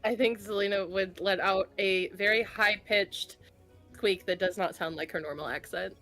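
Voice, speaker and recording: A woman's voice: medium pitch, steady tone, moderate pace, pushed and bright, soft background music. A woman player describing her character's actions in a tabletop game, casual and giggly. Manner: casual, giggly, lots of fillers. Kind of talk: tabletop role-play.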